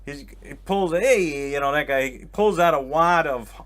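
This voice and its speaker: Man, comedian guest, animated rambling storyteller, fairly high voice. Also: normal speed. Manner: animated, rambling, self-mocking. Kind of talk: casual storytelling. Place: on a boat in a harbor.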